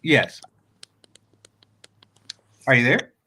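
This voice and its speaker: A man's voice: mid-range voice, sing-song, extremely slow, pushed and bright, a little hiss or hum. A man hosting a live-stream talk show, giving blunt, rambling commentary with many repeated words. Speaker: show host.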